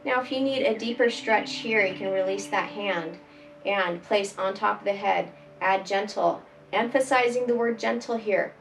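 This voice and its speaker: Calm woman guiding chair yoga. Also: medium pitch, normal speed, vocal fry, a little hiss or hum. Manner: calm, gentle step-by-step cueing. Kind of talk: guided exercise instruction. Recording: voice from a distance, faint background music.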